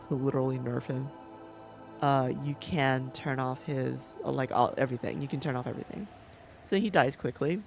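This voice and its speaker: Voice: medium pitch, normal speed, gravelly. Rambling, profane gameplay commentator over game music. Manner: chatty, rambling, swears freely, laughs often. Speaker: gaming content creator.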